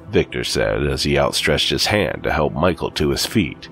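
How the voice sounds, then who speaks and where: A man narrating a scripted horror story with steady, deliberate storytelling. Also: very deep voice, faint music behind.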